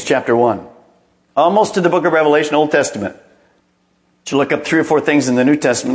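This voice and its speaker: A middle-aged male pastor preaching a sermon, emphatic and calling on the congregation to repeat phrases after him. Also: fairly high pitch. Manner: emphatic, calls for congregation responses.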